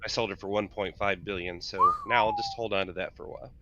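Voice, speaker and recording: A man co-hosting a casual live stream, chatting and reading a promo in a relaxed, confident way. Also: on the low side, fast talker, gravelly, a little hiss or hum. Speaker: podcast co-host. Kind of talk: casual chat and read promo. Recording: dull lo-fi audio.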